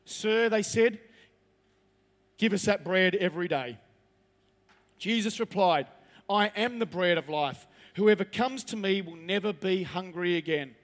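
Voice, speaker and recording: A man's voice: high-pitched, measured pace, long pauses, big-room sound. A man preaching a sermon as pastor, reading scripture aloud and then pressing his points with rising emphasis.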